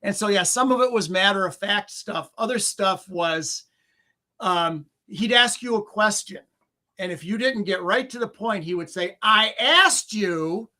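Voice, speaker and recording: A man with a high, bright voice, a guest in a casual chat. He tells animated stories and breaks into laughter often. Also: moderate pace. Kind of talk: casual conversation.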